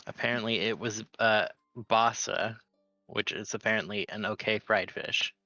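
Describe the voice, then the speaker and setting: A man's voice: fairly low pitch, steady tone, moderate pace, pushed and bright, no room sound. A man running a tabletop game, chatting casually in a laid-back, tired, dry way. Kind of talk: casual chat before a game. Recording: dull lo-fi mic, faint music behind.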